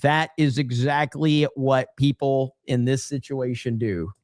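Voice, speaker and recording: A man's voice: medium pitch, a little slow, dry recording, studio quality. A man hosting a podcast, talking casually and animatedly as he reacts to a video clip. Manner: animated, chatty, laughs and interjects. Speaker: podcast host.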